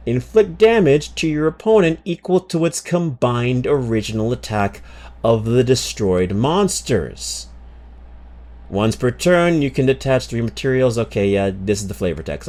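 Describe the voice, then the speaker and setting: A man's voice: mid-range voice, very animated, a little slow, darkish tone. A man streaming live who chats casually with his viewers, swears freely, and reads game card text aloud. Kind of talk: casual livestream chat.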